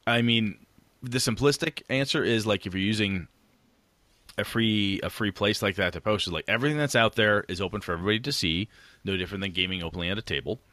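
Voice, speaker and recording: A man co-hosting a podcast, chatting casually about tabletop gaming in a rambling, animated way with casual swearing. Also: fairly low pitch, quick pace, no echo. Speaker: podcast co-host.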